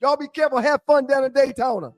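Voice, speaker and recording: Man doing a country cop, drawling, indulgent, high voice, dry sound. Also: fairly even intonation, fast, no echo. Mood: genial. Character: easygoing country cop, middle-aged man.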